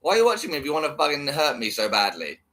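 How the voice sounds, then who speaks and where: A man's voice: on the high side, very fast. A man vlogging, commenting on a clip in a profane, mocking, rambling way. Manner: mocking, sweary, animated.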